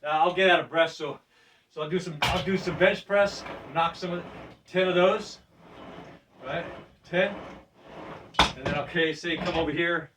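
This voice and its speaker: An older man walks through a weight routine in a home gym, chatting loosely and laughing often. His voice sits a little high and is caught from a few steps back from the camera mic. He breathes deeply between sets. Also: steady tone, a little slow, long pauses, recorded from a distance, noisy background. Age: 60s. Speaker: fitness presenter. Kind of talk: casual workout demonstration.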